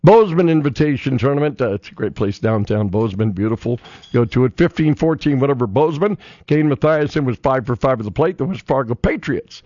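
A man's voice: medium pitch, lively intonation, brisk, mellow, no room sound. A man from North Dakota reading a morning radio sports update, joking and rattling off scores with filler. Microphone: studio microphone. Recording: dry, slightly muffled radio studio.

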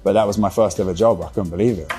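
A young man, an actor, chatting casually in an interview, relaxed, laughing easily and restarting his sentences. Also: on the low side, very fast, faint music behind. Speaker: actor guest.

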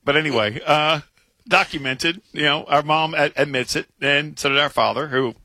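A man co-hosting a sports radio show, talking in casual banter, teasing and animated, often breaking in. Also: a little high, normal speed, no room sound. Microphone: studio microphone.

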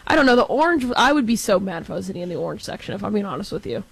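A woman's voice: mid-range voice, sing-song, very fast, creaky, slightly rough, low-quality recording. A woman in her twenties from Texas, co-hosting sports talk in a chatty, frank way full of fillers. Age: 20s.

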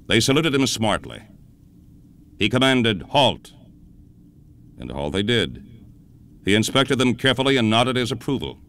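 A man hosting a radio show, telling a historical story in a measured, dramatic scripted narration. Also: mid-range voice, sing-song, a bit bright.

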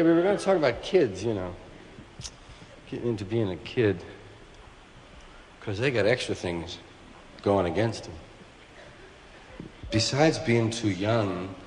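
Low-voiced male comedian in an echoey hall. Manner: conversational, talks to the audience. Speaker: stand-up comedian. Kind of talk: stand-up comedy. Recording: echoey hall with some noise.

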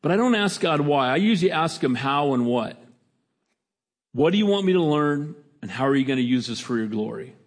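Middle-aged man, pastor giving a sermon; somewhat high-pitched, chatty, emphatic then quietly reflective. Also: expressive, brisk. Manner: conversational, swinging between raised emphatic lines and quiet, hushed reflection.

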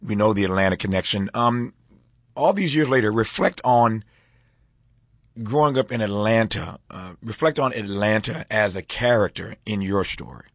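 A man with a fairly low voice hosts a broadcast interview. He pauses often and fills gaps with hesitant sounds while shaping his questions. The sound is dry and close, with almost no room around it. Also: no echo. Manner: hesitant, many filler sounds. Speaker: interview host.

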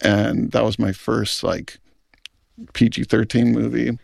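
A man's voice: mid-range voice, flat delivery, takes it slowly, creaky, a little mellow, breathy edge, no echo, clean studio sound. A middle-aged man, a film director, speaking in an earnest, thoughtful interview. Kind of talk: reflective interview talk.

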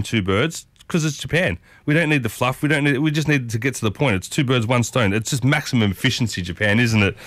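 A man hosts a breakfast radio show from a studio, chatting casually with listeners, calling them folks and repeating his pet phrase "I'll tell you what." His voice is mid-range and a bit bright, captured on a studio microphone with no echo.

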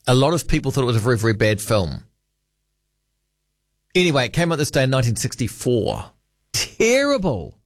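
A man's voice: medium pitch, dry recording, clean studio sound. A man hosting late-night talkback radio, rambling wryly and reading out listener texts. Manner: rambling, wry, reads listener texts aloud. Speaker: radio host. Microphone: studio microphone.

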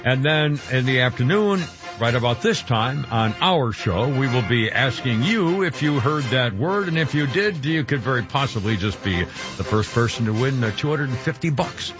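A man's voice: mid-range voice, lively intonation, normal speed, music in the background. A man hosting a radio show, talking in a rambling, chuckling way that often trips over its own words. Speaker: radio host. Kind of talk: casual radio banter. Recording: dull radio broadcast sound.

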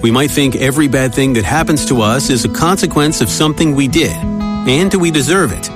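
A man's voice: mid-range voice, brisk. A man reading the scripted introduction to a radio sermon program. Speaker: program announcer. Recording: announcer over guitar music.

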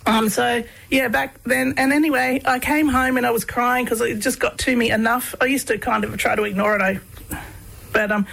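Gravelly, husky woman. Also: on the high side, fairly even intonation, normal speed, a bit bright, poor audio. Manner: rambling, filler-heavy, laughs often. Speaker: interviewee. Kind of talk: casual storytelling interview.

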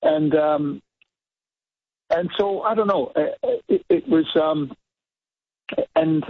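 A man's voice: fairly high pitch, slow pace. A man guesting in a casual interview, rambling with lots of fillers and restarts. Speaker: musician guest. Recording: tinny phone line.

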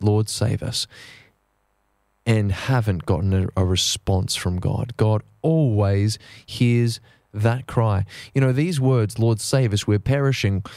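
A man preaching a sermon in an earnest way, slowing down to stress key phrases. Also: fairly low pitch, dark tone, dry recording, studio quality.

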